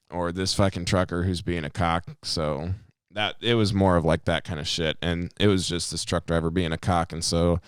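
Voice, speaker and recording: A man's voice: low voice, steady tone, normal speed, smooth, no room sound, studio quality. A young man co-hosting a podcast, telling a rambling, profane anecdote in casual chat. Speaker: podcast co-host.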